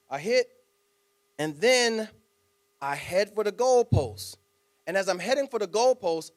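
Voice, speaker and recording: A man giving a speech to a club audience, telling a story in an animated, dramatic way with spoken sound effects. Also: high-pitched. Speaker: guest speaker.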